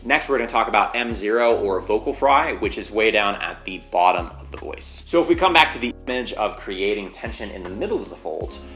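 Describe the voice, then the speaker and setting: A man's voice: on the low side, lively intonation, a little fast, hardly any pauses, fairly bright tone, faint music behind. A man teaching singing, explaining vocal anatomy step by step and leaning on the word "basically".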